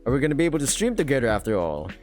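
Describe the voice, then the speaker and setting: An easygoing, cheerful young dragon, as a man reading a game puts him on, reassuring and chatty in a mid-pitched voice. Faint music plays behind him. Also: very animated, racing, darkish tone, close to an everyday voice. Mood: upbeat. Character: friendly upbeat young male dragon.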